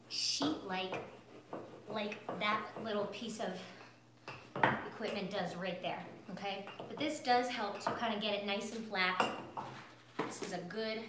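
A woman's voice: mid-range voice, reverberant, noisy background. A woman teaching a live cooking class from her kitchen, bubbly and chatty, talking straight to her viewers. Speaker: cooking instructor. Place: home kitchen.

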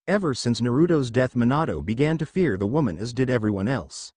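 A man narrating a fan fiction story in a steady reading voice. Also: medium pitch, brisk, breathy edge, no echo.

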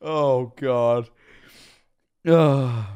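Man, streamer, casual reactions, laughs a lot, swears, mid-pitched. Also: fairly even intonation, very slow, a little mellow, smooth.

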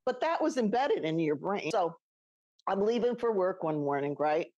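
A woman's voice: on the low side, sing-song, moderate pace, darkish tone, no echo, muffled recording. A middle-aged woman co-hosting a podcast, telling a personal story in a casual, chatty way and laughing often. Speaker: podcast co-host.

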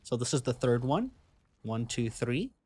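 A young man with a slight foreign accent giving a relaxed, chatty step-by-step game walkthrough voice-over. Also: mid-range voice, measured pace, slightly rough. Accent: non-native English accent. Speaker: gaming guide creator.

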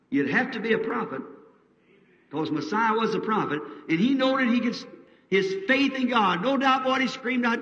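Fervent high-voiced preacher on old hall tape. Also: male voice, moderate pace, a bit bright. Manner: fervent folksy storytelling, voice surging to cries; colloquial country grammar. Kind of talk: revival sermon. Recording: dull old sermon tape, distant mic in a reverberant hall.

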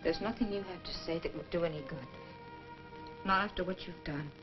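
A scornful young woman spurns the man who wronged her, played by an actress. Her voice sits a little low and cold, set against swelling music on a dull, aged film soundtrack. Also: brisk, close to an everyday voice. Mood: bitter, cold. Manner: cold, cutting, rising to shouting. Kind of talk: 1950s film acting.

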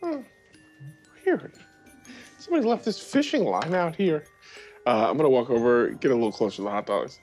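A man's voice: mid-range voice, sing-song, normal speed, pauses often, darkish tone, soft background music. A man playing a tabletop game, talking in a casual, playful way. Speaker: player.

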